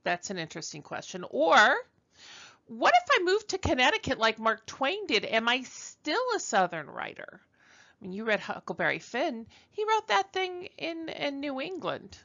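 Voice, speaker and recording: A woman's voice: high-pitched, big pitch swings, moderate pace, vocal fry, pushed and bright, lo-fi sound. A woman from Brooklyn giving a conversational recorded university lecture, chatty and self-deprecating, with frequent ums and uhs. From Brooklyn, New York.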